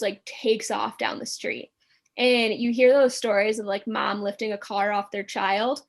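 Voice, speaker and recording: A young woman telling a story as a podcast guest, animated and acting out the quotes, with many filler words. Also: a little high, moderate pace. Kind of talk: casual storytelling.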